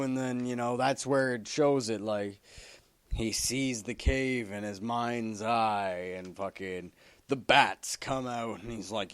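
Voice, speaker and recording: A man's voice: lowish voice, steady tone, a little slow, smooth, dry recording. A man reviewing comic books in a casual, rambling way, swearing constantly and filling gaps with fillers. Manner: profane, rambling, full of fillers. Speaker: comic book vlogger.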